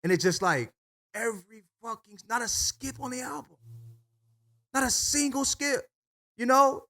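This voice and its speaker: A man's voice: extremely high pitch, animated, unhurried, pushed and bright. A man co-hosting a podcast, talking animatedly and casually with lots of swearing and filler. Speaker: podcast co-host. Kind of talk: casual chat.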